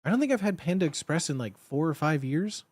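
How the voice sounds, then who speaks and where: A man's voice: on the high side, big pitch swings, a little fast, darkish tone, husky, no echo. Rambling young streamer man, dry sound. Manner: rambling, lots of fillers and self-corrections. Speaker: live streamer reading chat. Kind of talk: casual chat.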